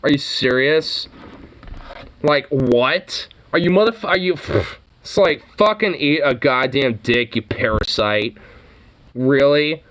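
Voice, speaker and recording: A man's voice: medium pitch, slow pace, a bit bright. Profane ranting male commentator. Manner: ranting, sarcastic, heavy swearing; mocking sing-song interjections. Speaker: commentator reacting to a clip.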